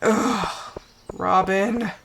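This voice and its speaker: A woman's voice: medium pitch, steady tone, drawn-out words, vocal fry, noisy background. A woman streamer commenting live on her farming game, exasperated and talking herself through setbacks. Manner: exasperated, talks to herself, self-soothing.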